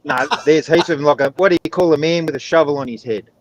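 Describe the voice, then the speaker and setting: A man tells long jokes in a dry, unhurried storytelling voice, pitched a little high. A faint hiss of noise sits under the recording. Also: low-quality recording. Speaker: joke teller on a livestream chat. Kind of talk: casual chat.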